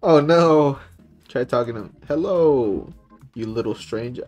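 A man streaming a game who chats casually over his play, mid-pitched in his everyday talk. He reads game text aloud and often jumps up high when something excites him. Faint guitar music plays behind him. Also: normal speed. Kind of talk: casual gaming commentary.

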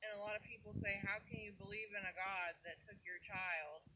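A woman's voice: medium pitch, steady tone, a little fast, pushed and bright, breathy edge, poor audio. A grieving mother speaks in an earnest, heartfelt way about faith and loss, her voice rising with emotion. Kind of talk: personal testimony vlog.

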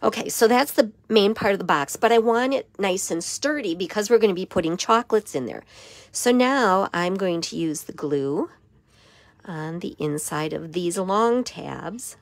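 A hoarse woman with a raspy voice giving a step-by-step papercraft tutorial in her craft studio. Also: mid-range voice, expressive, moderate pace, dry recording. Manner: step-by-step instruction with frequent okays. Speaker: papercraft demonstrator.

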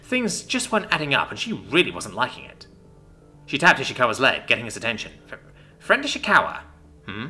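A man narrating a story in an expressive, animated reading voice. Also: mid-range voice, quick pace. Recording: soft background music.

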